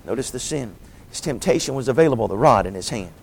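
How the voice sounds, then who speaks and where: A middle-aged man, a travelling evangelist, preaching a sermon in a storytelling way, dropping to quiet asides and rising to booming shouts. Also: animated, quick pace, vocal fry, a little hiss or hum, low-quality recording.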